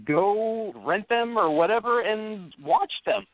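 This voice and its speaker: Excitable high-voiced man on the phone. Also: slow pace. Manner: incredulous, excitable, rambling with many fillers. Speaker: caller. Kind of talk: phone-in radio chat. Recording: dull lo-fi phone line.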